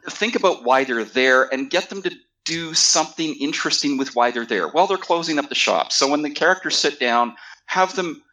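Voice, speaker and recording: A man's voice: fairly high pitch, lively intonation, moderate pace, sharp tone, low-quality recording. A man in a casual panel discussion, giving thoughtful advice on running tabletop game characters.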